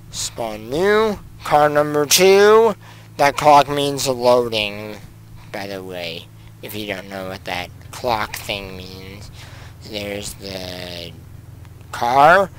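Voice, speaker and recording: A man's voice: medium pitch, low-quality recording. A young man narrating a car-crash video game casually, rambling with many ums and giggles, and he has the hiccups. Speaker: gaming channel host. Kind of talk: casual gameplay commentary.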